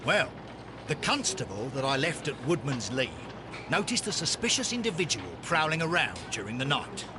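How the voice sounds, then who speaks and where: An actor playing a smug male police inspector, talking in a brisk, self-satisfied way. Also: fairly high pitch, sing-song, background noise.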